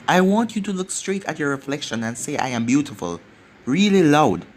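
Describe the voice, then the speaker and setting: A man's voice: on the high side, big pitch swings, moderate pace, slight background noise. A man doing Naruto, brash earnest young ninja. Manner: earnest, commanding. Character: brash loyal young male ninja leader. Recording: faint background music.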